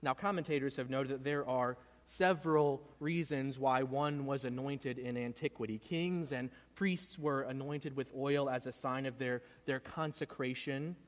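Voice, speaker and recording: A man's voice: mid-range voice, steady tone, measured pace, hardly any pauses, in a large hall. A man preaching a sermon, retelling a story in an earnest way and often repeating words as he goes. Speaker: pastor.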